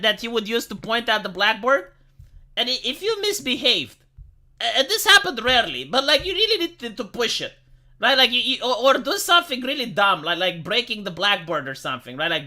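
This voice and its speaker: A man's voice: extremely high pitch, sharp tone. A man with a Romanian accent hosting a livestream, talking in a rambling, profane way with sarcastic asides and many restarts. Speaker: livestream host. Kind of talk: casual livestream commentary.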